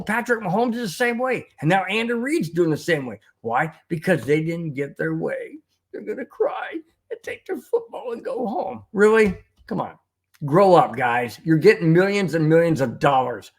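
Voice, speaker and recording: A man hosting a sports podcast, reading viewer comments and ranting sarcastically about the referees. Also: high voice. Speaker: podcast host. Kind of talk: casual sports talk, reading chat comments.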